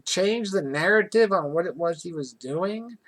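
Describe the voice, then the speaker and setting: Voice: medium pitch, unhurried. A vlogger telling a personal story in a casual, rambling way, with restarts and rising indignation. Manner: rambling and animated, with many restarts.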